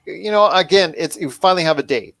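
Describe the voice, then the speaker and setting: Brief: male podcast host, excitable and rambling, slightly higher voice, dry close sound. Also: a little fast, no room sound. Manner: enthusiastic, rambling with restarts. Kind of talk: casual podcast chat.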